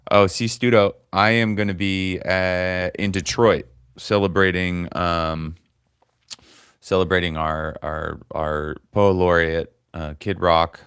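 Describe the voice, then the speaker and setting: A man's voice: low voice, steady tone, slow pace, a bit bright, clear, resonant tone, no room sound, studio quality. A man in his forties hosting a casual livestream, rambling and swearing as he grumbles to his chat. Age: 40s. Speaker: comedian livestream host.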